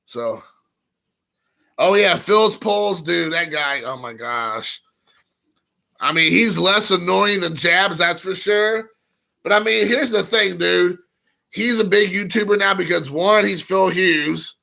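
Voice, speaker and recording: Young male streamer, gravelly and bright, loose rambling delivery. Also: sits high, slow. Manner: rambling, frequent fillers, reads chat aloud. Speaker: live stream host. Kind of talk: casual live stream chat.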